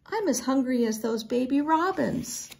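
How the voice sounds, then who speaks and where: A woman voicing an excitable, hungry little girl doll with a squeaky manner, read from a storybook. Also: unhurried, gravelly, exaggerated voice. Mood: eager. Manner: squeaky, eager.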